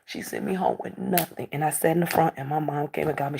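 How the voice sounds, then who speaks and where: A woman tells a personal story straight to camera, repeating phrases as she goes. Her low voice is raspy and gravelly with plenty of fry, and it climbs high when she gets upset. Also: fast talker, warm tone.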